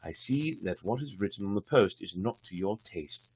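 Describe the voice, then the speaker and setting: A man's voice: on the low side, lively intonation, moderate pace, a little mellow, slightly rough. A man voicing a bold young peasant hero in a storybook tale, proud and commanding. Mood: plain.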